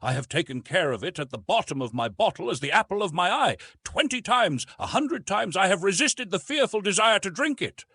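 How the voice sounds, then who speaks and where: A man reading the part of an eccentric, excitable older professor in an audiobook, fervent and insistent. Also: high voice, fairly quick, hardly any pauses, breathy edge, no room sound, voice pushed up, heavily acted. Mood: urgent.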